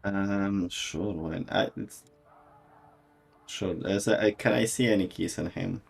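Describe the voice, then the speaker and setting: Male tabletop player, deep gravelly voice, slow and offhand. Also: fairly even intonation. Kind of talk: casual game chat.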